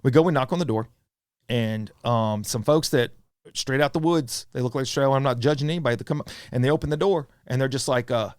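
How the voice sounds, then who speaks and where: A middle-aged man with a Southern US accent tells a story as a guest in a podcast studio, animated and acting out the voices of friends and strangers. His medium-pitched voice is clear and resonant, moving at a quick pace, with a dry recording and clean studio sound.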